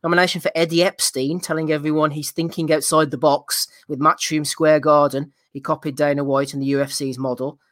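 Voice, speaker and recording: A man hosting a casual podcast, reading out listener nominations with a jokey, quick manner and frequent laughter. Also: on the high side, flat delivery, fairly bright tone, dry recording, clean studio sound. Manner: jokey, laughs often, quick read-outs.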